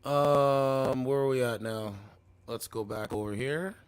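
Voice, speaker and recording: A man's voice: medium pitch, a little slow, clear, resonant tone. Rambling casual male streamer. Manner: loose and rambling, says "man" and "bro" a lot. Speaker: streamer reacting to clips. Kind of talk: casual commentary.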